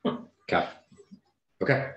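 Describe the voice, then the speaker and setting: A man's voice: takes it slowly, highs cut off. A man running a tabletop role-playing game as game master, talking in a loose, casual way with lots of fillers. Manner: relaxed, casual, with many fillers. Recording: roomy echo.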